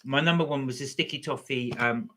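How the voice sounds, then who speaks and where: A man's voice: medium pitch, a little fast, bright, forceful tone. A middle-aged man, chatting casually on a live stream and talking while he eats. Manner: chatty, rambling, talks while eating. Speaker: vlogger hosting a live stream.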